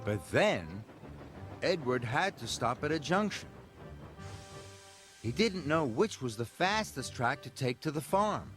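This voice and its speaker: Male narrator, animated children's story reading over music. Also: mid-range voice, measured pace, long pauses.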